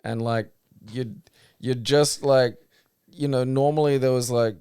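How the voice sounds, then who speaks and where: A man's voice: medium pitch, a little slow, clean tone, dry recording, studio quality. A man with an Australian accent, co-hosting a podcast in casual, rambling, sweary chat. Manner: sweary, rambling, animated storytelling. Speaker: podcast co-host.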